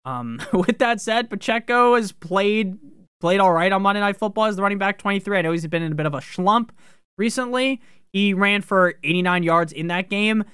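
A man's voice: high-pitched, fairly bright tone, smooth, no room sound, clean studio sound. A man hosting a fantasy football podcast, joking and swearing through casual commentary. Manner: profane, joking, fast-talking.

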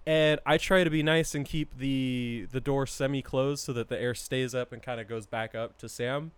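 Young guy, lively storyteller, curses a lot, clear dry voice, a bit high. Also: moderate pace, no room sound. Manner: animated storyteller, swears a lot, acts out a dog's thoughts. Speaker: roommate telling stories. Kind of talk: casual chat.

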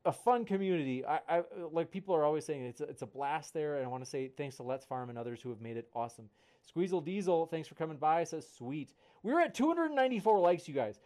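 A man's voice: fairly high pitch, a little mellow. A young man hosting a livestream, chatting upbeat as he reads out viewer comments and promotes upcoming debates. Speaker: livestream host and debate moderator. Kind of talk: casual live-chat reading.

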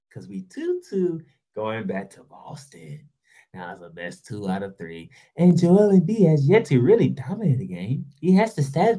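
A man's voice: a little high, a little mellow, slightly rough, rough recording. A man hosting a sports show, delivering a heated, sarcastic basketball rant full of rhetorical questions in informal, slangy speech.

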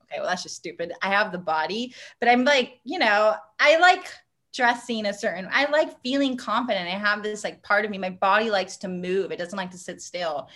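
Animated woman telling stories. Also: brisk. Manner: animated storyteller, acts out quotes with big pitch jumps; spontaneous, laughs often. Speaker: podcast co-host. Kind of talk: casual chat.

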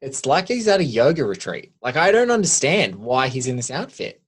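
A man's voice: medium pitch, big pitch swings, moderate pace, slightly rough. Film podcast co-host, a man who rambles and keeps restarting with lots of "like". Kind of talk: casual film chat.

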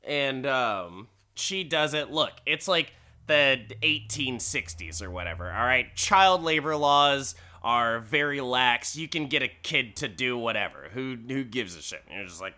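Male recapper, bright and sharp, profane and animated. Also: mid-range voice, measured pace. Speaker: show recapper. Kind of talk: casual commentary.

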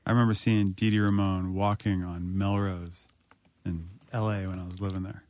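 A man's voice: sits low, flat delivery, moderate pace, darkish tone. A man hosting a casual podcast chat, telling self-mocking stories and quoting himself.

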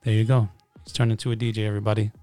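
A young man co-hosting a casual podcast with his brother, joking and telling animated stories. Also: lowish voice, rapid-fire, soft background music. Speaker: podcast co-host. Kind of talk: casual chat.

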